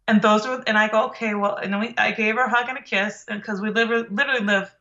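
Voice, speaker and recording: A middle-aged woman tells a personal story as a podcast guest. She acts out what people said and restarts her sentences as she goes. Her voice is bright and forceful, and the recording sounds dull and lo-fi. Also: mid-range voice. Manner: animated, acts out quoted dialogue, halting restarts.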